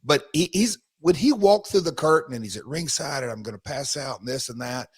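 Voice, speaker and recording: A man, co-hosting a podcast, telling animated stories and repeating himself as he goes. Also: fairly high pitch, a little fast, slightly rough, dry recording. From United States. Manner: animated storytelling, rambling with restarts. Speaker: podcast co-host, former wrestler. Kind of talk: casual podcast chat.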